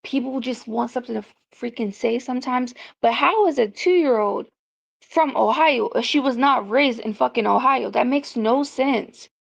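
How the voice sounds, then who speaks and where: A woman's voice: a little high, normal speed, gravelly. A woman from South Carolina, giving blunt, profane, exasperated commentary in a casual vlog. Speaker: commentary vlogger. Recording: muffled lo-fi audio.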